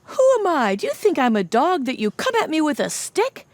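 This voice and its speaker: Storybook giant, proud and mocking, voiced loud and high by a woman. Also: sing-song, slow pace, no echo, heavily acted. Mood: scornful. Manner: scornful and mocking. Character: proud, angry giant warrior man.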